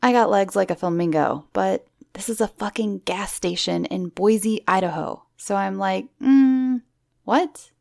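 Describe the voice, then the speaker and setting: Woman reading scary stories, low creaky voice, dry close sound, cracks snarky jokes. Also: moderate pace, hardly any pauses, dry recording. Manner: wry, swearing asides between story lines. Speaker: horror story narrator. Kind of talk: reading listener horror stories aloud.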